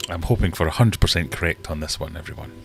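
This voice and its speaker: A man's voice: low-pitched, fast, creaky. A man hosting a casual live-stream quiz, chatty and joking as he reads out the questions. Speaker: livestream quiz host.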